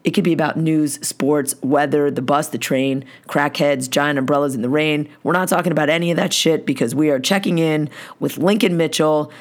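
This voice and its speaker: A woman hosting a podcast, ranting with lots of swearing in a hoarse voice. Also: low-pitched, moderate pace, hardly any pauses. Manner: profane, heated ranting. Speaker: podcast host. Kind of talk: ranting monologue.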